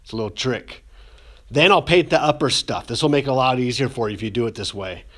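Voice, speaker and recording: Fast-talking and a bit bright, this mid-range male voice belongs to a ceramics teacher in a classroom demonstration video. He rambles loosely through the glazing process with lots of fillers, joking about "getting emotional."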